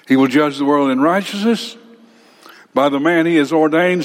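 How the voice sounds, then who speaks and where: A man preaching a sermon dramatically, acting out listeners and swinging between loud emphasis and hushed asides. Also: fairly high pitch, moderate pace. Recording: long hall reverb.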